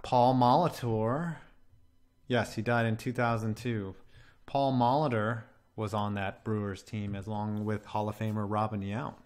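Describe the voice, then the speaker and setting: A man's voice: lowish voice, steady tone, measured pace, a little mellow. A man co-hosting a casual sports chat, joking and swearing freely. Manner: crude, joking banter. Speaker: co-host.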